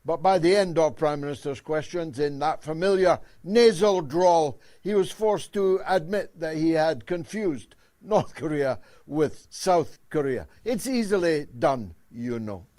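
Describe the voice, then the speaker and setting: A man's voice: fairly high pitch, animated, a little slow, hardly any pauses, warm tone. An older British man hosting a political talk show, delivering a sardonic monologue with theatrical emphasis.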